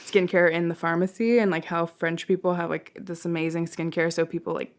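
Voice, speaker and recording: A young woman co-hosting a podcast, chatting casually and telling lively stories, acting out the people she quotes. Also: lowish voice, fairly quick. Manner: chatty storyteller, acts out quoted people, laughs often. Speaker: podcast co-host. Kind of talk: casual chat.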